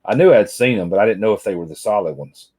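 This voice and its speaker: Casting: middle-aged man, low voice, folksy rambling vlog chat, addresses viewers by name. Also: lively intonation, fast, dark tone, husky. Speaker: vlogger. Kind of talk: casual chat while unboxing.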